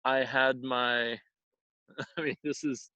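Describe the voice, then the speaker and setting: A man in his thirties from Houston, a high school teacher co-hosting a casual unscripted chat, rambling with lots of "like" and "I mean". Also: steady tone, takes it slowly, sharp tone, no room sound, muffled recording. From Houston, Texas. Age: 30s. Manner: rambling, many "like" and "I mean" fillers.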